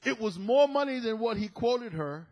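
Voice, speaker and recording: Husky high-voiced man preaching. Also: normal speed, low-quality recording. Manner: animated storytelling, acting out quotes, laughing. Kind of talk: sermon with personal story.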